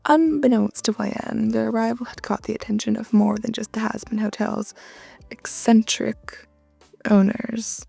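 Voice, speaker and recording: A woman's voice: fairly high pitch, fairly even intonation, unhurried, gravelly, warm tone, husky, faint music behind. A woman narrating a fan fiction audio story and acting out each of the characters. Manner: reads narration and acts out every character.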